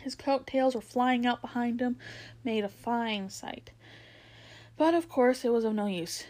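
A woman's voice: on the high side, measured pace. Woman reading a children's story aloud. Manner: steady storytelling with occasional stumbles and restarts. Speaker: narrator.

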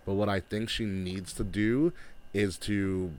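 A man co-hosting a casual chat, talking in a measured, analytical way. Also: lowish voice, steady tone, a little mellow, slight background noise. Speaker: podcast co-host.

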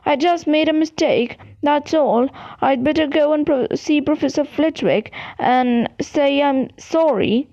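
A woman reading aloud and voicing an anxious, overworked schoolgirl with a shrill, squeaky voice. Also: a little slow, warm tone, no echo, highs cut off. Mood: defensive.

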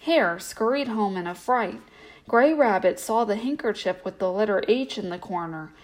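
Storyteller: a woman with a gentle, even bedtime reading voice. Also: mid-range voice, moderate pace, rough recording.

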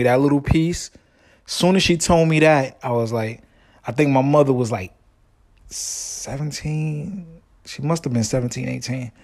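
A man's voice: mid-range voice, a little mellow. A man hosting his own podcast, telling a long story in a rambling, slangy way with many restarts. His family comes from Guyana. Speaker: podcast host. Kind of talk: casual solo podcast monologue.

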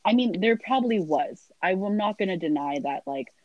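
A woman's voice: mid-range voice, lively intonation, normal speed, lo-fi sound. A young woman chatting casually as a guest, rambling through stories with lots of filler words. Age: young adult. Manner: rambling storyteller. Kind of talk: casual chat.

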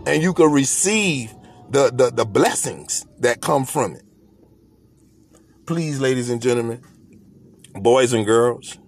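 A man's voice: medium pitch, lively intonation, slow, long pauses. A man hosting a podcast, delivering a motivational monologue in an emphatic, preachy way, repeating his points. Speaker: podcast host.

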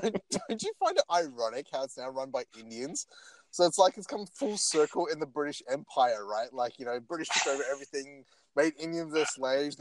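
A young man co-hosting a car podcast, joking and mocking in casual chat. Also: a little high. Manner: jokey, animated, mocking asides. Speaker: podcast co-host.

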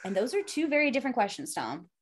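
A woman's voice: fairly high pitch, big pitch swings, quick pace. A woman co-hosting a casual podcast chat, playful and laughing often. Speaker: podcast co-host.

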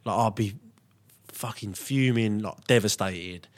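A man's voice: lowish voice, a little slow. Laid-back young man. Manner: laid-back, chatty, swears casually. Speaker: podcast co-host. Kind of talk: casual chat.

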